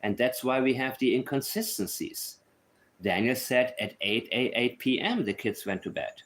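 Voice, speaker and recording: Brief: male commentator, blunt and opinionated, mid-pitched voice, talks off the cuff. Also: animated, moderate pace. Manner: blunt, opinionated, thinks aloud. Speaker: true crime commentator. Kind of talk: casual commentary.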